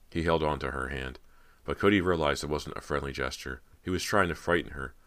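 A man narrating a horror audiobook in an even, measured way. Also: extremely low pitch.

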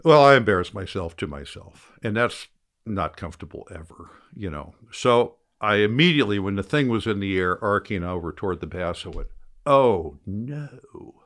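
Older man, very low voice, animated rambling storyteller, self-deprecating humor. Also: a little fast. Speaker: guest; fly fisherman. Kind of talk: storytelling in casual interview.

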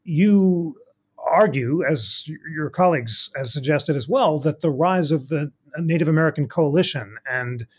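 A man's voice: fairly high pitch, husky. Male moderator posing long questions. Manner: long, carefully framed questions. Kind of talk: formal panel moderation.

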